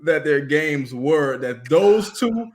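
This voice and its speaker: A man co-hosting a sports podcast in casual talk, animated and laughing often. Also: a little high, takes it slowly. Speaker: podcast co-host.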